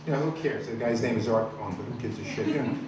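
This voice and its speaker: A man doing a stand-up comedy set, telling crude stories in a rambling, deadpan way with many restarts. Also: medium pitch, racing. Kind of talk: stand-up set at an open mic. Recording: echoey room, far from the mic, noisy.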